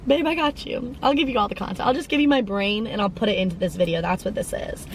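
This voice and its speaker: A woman's voice: medium pitch, fast talker, slight background noise, poor audio. A young woman of about twenty hosting her own podcast, in a casual, rambling chat full of tangents and fillers. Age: around 20. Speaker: podcast host.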